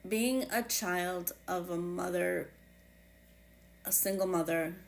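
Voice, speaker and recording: A woman with a New England accent hosts her own podcast, reflecting casually and haltingly with many fillers and restarts. Her voice is gravelly and on the low side.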